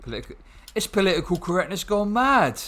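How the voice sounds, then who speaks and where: A man's voice: high voice, big pitch swings, fairly quick, fairly bright tone. A young man chatting casually and sarcastically while playing a game, swearing often and rambling with restarts. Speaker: gaming channel host.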